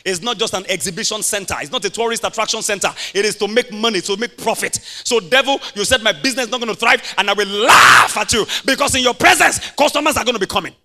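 A Nigerian preacher with a very high, bright, forceful voice. He laughs freely through his sermon and bursts into loud shouts of praise. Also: fast, few pauses. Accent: Nigerian English.

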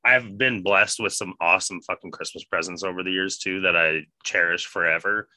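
A man casually telling a profane, animated party story with bursts of laughter. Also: deep voice, fairly quick, no echo.

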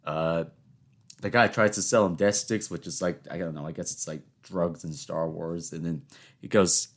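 A man's voice: low voice, steady tone, normal speed. A man in his twenties hosting a solo podcast, rambling and self-mocking, rising into exasperated rants. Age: 20s. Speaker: podcast host. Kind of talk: casual solo podcast monologue.

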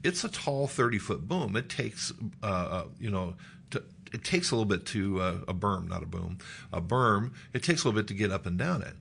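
Middle-aged guy from nebraska telling a story, low gravelly voice, bit of hiss behind. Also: a little fast. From Nebraska, United States. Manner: animated storyteller, acts out quotes in a raised voice. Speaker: guest.

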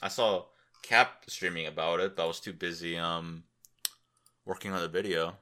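A man's voice: low-pitched, fairly even intonation, normal speed, sharp tone. A young man hosting a podcast alone, tired and rambling, joking crudely and thinking aloud as he looks things up. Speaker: podcast host. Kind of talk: rambling solo podcast chat.

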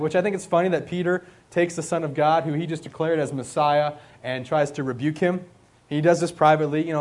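A man with a high voice preaches a sermon to his listeners. He talks to them conversationally and asks them questions. He slows down and stresses his main points. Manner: slow and emphatic, rising in pitch on key points.

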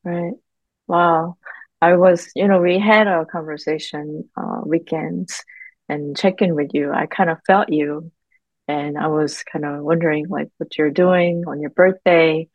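A woman hosting as a holistic healer, who speaks encouragingly and adds soft murmured affirmations. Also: sits low, steady tone, a little slow, no room sound, muffled recording. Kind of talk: supportive conversation.

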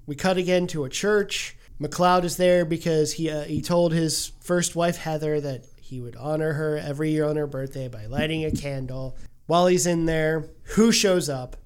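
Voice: mid-range voice, steady tone, moderate pace, a little mellow, clear, resonant tone. A podcast co-host in a casual group chat, retelling a movie plot in run-on bursts and laughing often.

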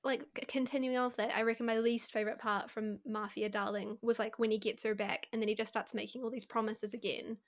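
Woman, podcast co-host, slightly high voice, chatty, rambling, casual. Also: level tone, a little fast, hardly any pauses. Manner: chatty, rambling, many "like" fillers. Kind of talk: casual book chat.

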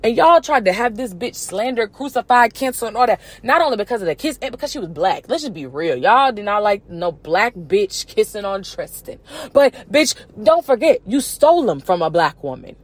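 A woman's voice: mid-range voice, big pitch swings, normal speed, dry recording. A woman hosting a podcast, ranting about celebrity gossip in a brash, sassy, profane way, with mocking put-on voices. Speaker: podcast host.

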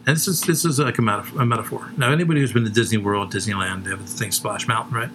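A man's voice: on the low side, racing, background noise. A man co-hosting a comedy show, rambling through crude stories with lots of swearing and laughing at his own jokes.

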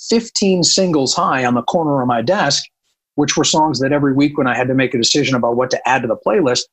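Husky man telling a story casually. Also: mid-range voice, poor audio. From northern United States. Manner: candid, animated, swears freely. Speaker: radio programmer telling a story.

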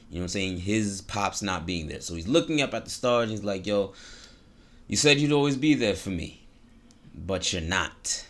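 Animated, slangy male storyteller. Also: mid-range voice. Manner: slangy, animated, preachy asides. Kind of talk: casual storytelling with a moral message.

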